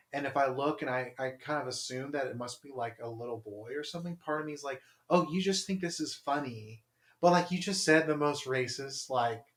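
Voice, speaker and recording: A young man with a medium-pitched, fairly bright voice co-hosts a podcast, rambling through stories packed with "like" and acted-out quotes. The casual chat is recorded with a roomy echo.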